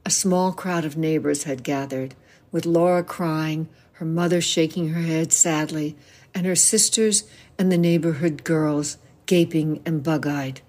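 A woman's voice: low voice, a little slow. A woman in her seventies, a novelist, expressively reading a passage from her own book aloud. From United States. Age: 70s. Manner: expressive storytelling reading with voiced quotes.

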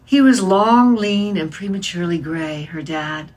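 A woman reading a novel aloud in a measured, expressive way. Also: on the low side, distant mic, rough recording. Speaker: reader.

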